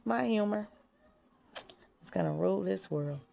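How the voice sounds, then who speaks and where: Speaking bluntly and with plenty of profanity, a woman vlogger delivers a casual spiritual monologue, laughing at her own jokes and occasionally dropping to a whisper. Her mid-range voice is unhurried, creaky, and mellow.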